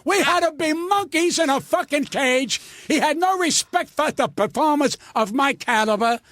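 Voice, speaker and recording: A man's voice: extremely high pitch, animated, normal speed, fairly bright tone, no room sound, studio quality. An older man, a comedian guest, telling stories in an indignant, profane, stammering rant. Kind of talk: ranting storytelling.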